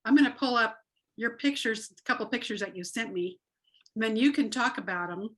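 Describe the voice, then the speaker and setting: A woman's voice: a little high, brisk, fairly bright tone, poor audio. A woman author hosting a casual interview, friendly and encouraging toward her guest. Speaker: author, host.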